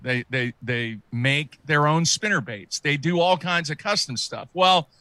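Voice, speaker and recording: Bright-voiced animated man telling a story. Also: on the high side, a little slow, dry recording. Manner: animated, repeats and restarts words. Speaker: podcast guest. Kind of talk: casual chat, storytelling.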